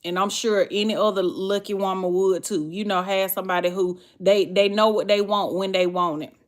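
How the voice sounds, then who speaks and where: A woman's voice: mid-range voice, fairly even intonation, moderate pace. A woman with a Southern US accent, chatting casually on a livestream and answering viewers' comments. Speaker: livestream host.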